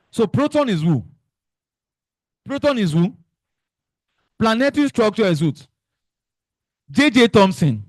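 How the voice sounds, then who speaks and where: A young man with a Nigerian accent teaching an exam revision lesson, animated and joking, quizzing his students with fill-in questions. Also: high voice, dry recording. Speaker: chemistry teacher.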